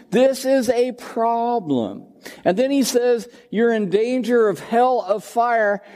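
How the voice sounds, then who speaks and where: Older guy pastor giving a sermon, high voice, chatty asides, big echoey church hall. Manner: conversational, animated delivery with asides.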